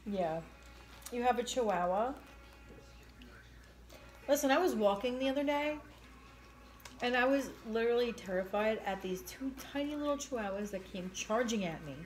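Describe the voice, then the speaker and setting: A woman's voice: on the high side, animated, normal speed, pauses often. A woman co-hosting a casual livestream, chatting with viewers and giggling through her stories. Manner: giggly, playful, squeals quoted lines. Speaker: livestream co-host.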